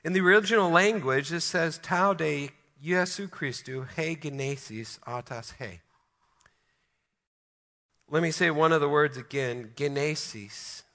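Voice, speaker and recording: A man preaches an emphatic sermon with a bright, forceful, fairly high voice. He slows right down to stress key words. The sound rings with the long reverb of a church hall. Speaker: pastor.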